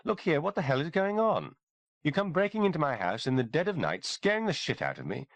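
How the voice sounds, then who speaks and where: A man's voice: medium pitch, big pitch swings, fast, no echo, voice pushed up. A man voicing a frightened and indignant male author who sputters and swears when cornered. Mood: frightened indignation.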